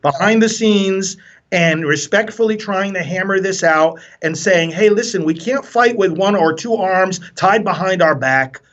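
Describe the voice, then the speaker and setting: Priest guest, high male voice, impassioned and preachy, stumbling restarts, dull lo-fi sound. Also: unhurried. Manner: forceful, preacherly, repeats words when starting sentences. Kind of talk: impassioned radio interview.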